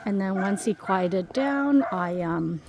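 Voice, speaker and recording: A woman's voice: mid-range voice, expressive, takes it slowly, noisy background. A woman working as a dog sitter, narrating a casual vlog outdoors at a park and rambling chattily with lots of fillers, recorded on a handheld phone.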